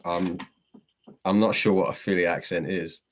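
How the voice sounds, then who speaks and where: A man with a very low voice hosts a casual live stream and answers questions from the chat. He talks in a chatty, self-deprecating way and breaks into laughter often. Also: steady tone, normal speed, a little hiss or hum.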